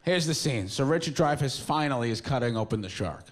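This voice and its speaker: A man's voice: medium pitch, lively intonation, brisk, background noise. A man in his twenties doing a stand-up comedy set on a club stage, talking in a casual, rambling, self-mocking way into a handheld mic. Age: 20s.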